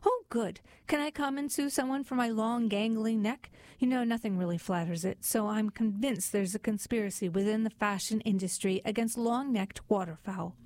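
A woman's voice: medium pitch, moderate pace, few pauses, darkish tone, dry recording, close to an everyday voice. A woman voicing a vain, folksy goose in a storybook, exclaiming and complaining. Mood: aggrieved. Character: gangly folksy female goose, vain about her neck.

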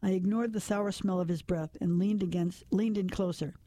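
A woman narrating a first-person story, reading it in a measured, steady way. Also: mid-range voice, no echo.

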